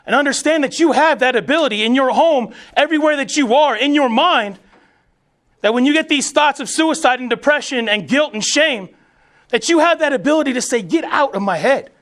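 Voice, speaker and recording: A man around forty, a veteran, delivers an emphatic motivational speech to soldiers in a notably high voice. He speaks in bold, preacherly declarations. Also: a little fast, fairly bright tone.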